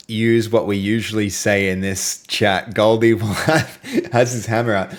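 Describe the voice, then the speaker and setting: Low-voiced Australian man chatting while coding. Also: moderate pace. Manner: chatty and playful, trailing off into low mutters while reading. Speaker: game developer streaming live. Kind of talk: casual live-stream chat while coding.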